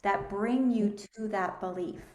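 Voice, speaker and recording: A woman hosting a conversation, calm and explanatory, speaking to listeners directly. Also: mid-range voice, a little slow. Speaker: host. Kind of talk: casual chat. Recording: echoey room, faint noise.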